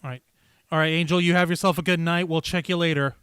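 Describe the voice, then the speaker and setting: A man hosting a casual livestream, talking in a loose, energetic way and swearing freely. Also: a little high, fast talker, clear, resonant tone, dry recording. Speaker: host.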